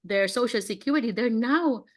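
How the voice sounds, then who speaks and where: A woman in her fifties, an education coach, talking casually and warmly about her passion on a video call, with frequent laughs and fillers. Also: on the high side, animated, normal speed. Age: 50s. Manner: chatty, laughing, lots of fillers and acted-out dialogue. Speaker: education coach running mock interviews.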